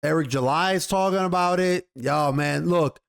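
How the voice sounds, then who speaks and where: A man's voice: on the high side, normal speed, vocal fry, clean tone. A man hosting a commentary video, ranting heatedly with lots of swearing and rambling restarts. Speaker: YouTube commentary host.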